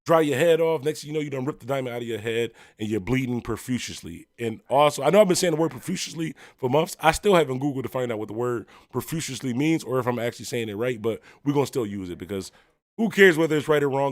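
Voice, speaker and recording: Buffalo dude hosting a livestream, rambling quick with lots of ums, dry room. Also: male voice, medium pitch, no echo. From Buffalo, New York. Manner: rambling and conversational, full of fillers and shout-outs. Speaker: host of a music talk livestream. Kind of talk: casual livestream chat, reading viewer comments.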